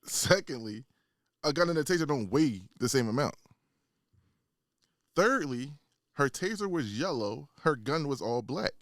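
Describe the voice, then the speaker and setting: A man's voice: mid-range voice, expressive, measured pace, long pauses, fairly bright tone, no room sound, clean studio sound. A man co-hosting a podcast in casual chat, arguing point by point and laughing often. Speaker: podcast co-host.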